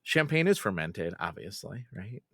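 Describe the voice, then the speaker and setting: A male podcast host with an animated, bouncing delivery at an ordinary pitch. He laughs often and fumbles for words in a friendly, offhand way. The sound is dry and close. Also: moderate pace, no room sound. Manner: lively, laughs easily, stumbles over words. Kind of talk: casual chat.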